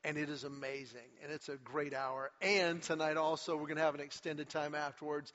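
A male pastor giving a sermon, telling a story with lively acted-out quotes and climbing energy. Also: fairly high pitch, brisk. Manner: animated storyteller, acts out quotes with rising energy. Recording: muffled hall recording with long reverb.

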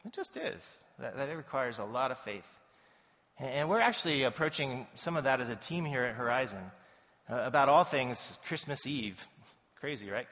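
Male pastor, relaxed and lively sermon delivery, recorded in a big echoing church hall. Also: mid-range voice. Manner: conversational and animated, acting out quoted voices. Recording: dull sound in a reverberant hall.

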